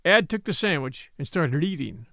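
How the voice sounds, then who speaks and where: A man narrating a literary short story in a measured, storytelling manner. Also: a little high, very animated, gravelly, pushed and bright, no echo, clean studio sound.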